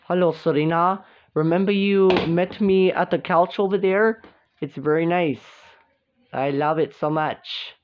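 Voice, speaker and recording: A woman voicing an eager, bashful young boyfriend in a home-made doll drama, talking haltingly with squeals of excitement. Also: low-pitched. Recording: dull lo-fi home recording.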